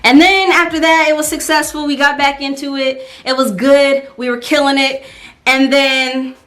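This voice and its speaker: A woman's voice: high voice, level tone, moderate pace, fairly bright tone. A young woman telling a casual storytime on her vlog, chatty and full of fillers. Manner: chatty, lots of fillers, acts out her own thoughts. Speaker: vlogger.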